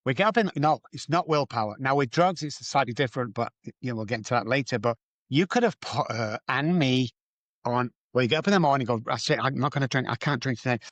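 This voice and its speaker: Male guest, mid-pitch, emphatic and repetitive, dry close recording. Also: lively intonation, brisk, no echo. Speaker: guest, addiction recovery doctor. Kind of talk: candid interview storytelling.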